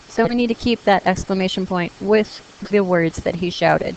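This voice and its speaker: A woman's voice: medium pitch, moderate pace, a little mellow, poor audio. A woman teacher explaining punctuation rules to her class in a patient, encouraging way, reading example sentences aloud. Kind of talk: classroom grammar lesson.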